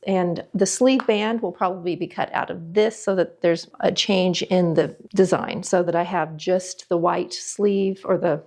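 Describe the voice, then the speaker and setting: A woman's voice: medium pitch, darkish tone. A woman talking casually through a sewing project, thinking aloud and weighing choices with frequent ums. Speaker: sewing vlogger. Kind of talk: casual sewing tutorial talk. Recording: echoey room.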